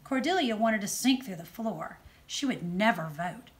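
Expressive woman reading a storybook. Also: medium pitch, moderate pace. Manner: expressive storytelling, softer on narration tags. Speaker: judge reading aloud. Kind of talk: children's book read-aloud.

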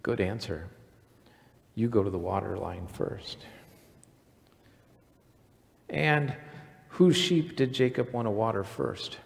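In a reverberant church sanctuary, a pastor with a lowish voice and vocal fry delivers an unhurried, conversational sermon. He keeps putting questions to the congregation as he preaches.

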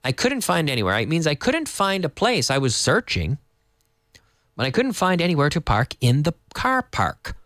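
Brief: male teacher, animated delivery, dry close sound. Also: a little high, no room sound. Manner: lively, explains slowly with repetition and Spanish glosses. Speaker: English teacher. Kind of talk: casual online English lesson for Spanish speakers. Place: in Madrid.

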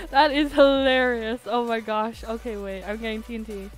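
A woman streaming a game from home, chatty and giggly, sounding tired with her voice going hoarse. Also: a little high, fairly even intonation, unhurried, soft background music. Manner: chatty, giggly, self-mocking. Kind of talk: casual live gaming commentary.

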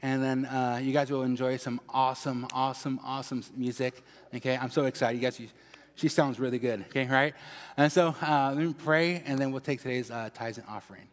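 A man's voice: mid-range voice, steady tone, brisk. A man with a Mexican accent giving upbeat church announcements and a prayer, tagging "okay?" onto nearly every phrase. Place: church sanctuary. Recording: long hall reverb.

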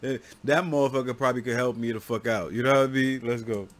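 A man's voice: mid-range voice, fairly even intonation, quick pace. A man hosting a music reaction video, talking casually in a slangy, profane way full of fillers and restarts. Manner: rambling, repeats himself.

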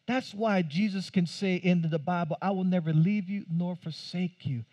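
High-voiced man preaching a sermon. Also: normal speed, few pauses, darkish tone. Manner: conversational preaching with rhetorical questions and humor. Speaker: pastor. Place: church.

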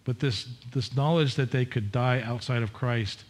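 A man's voice: medium pitch, normal speed. A middle-aged man preaching a sermon as pastor, candid and conversational, with frequent restarts and repetitions.

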